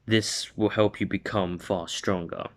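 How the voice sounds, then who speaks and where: Confident superhero mentor, deliberate delivery, low voice, as a male storyteller puts him on. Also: fairly even intonation, close to an everyday voice. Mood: calm. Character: big booming heroic man mentor, confident.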